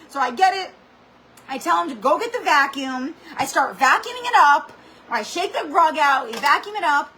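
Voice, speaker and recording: A woman's voice: high-pitched, fairly quick, rough recording. A woman hosting a craft livestream, chatting animatedly and dramatically, full of "like"s. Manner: animated, dramatic storytelling with lots of "like". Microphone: computer or camera mic for a live stream.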